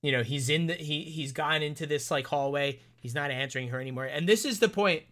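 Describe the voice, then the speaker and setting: A man with a bright, somewhat high voice talks through a horror film's plot in casual podcast chat. He rambles animatedly, stumbling over restarts and fillers as he goes. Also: fairly quick. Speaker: podcast co-host. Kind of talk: casual film review chat.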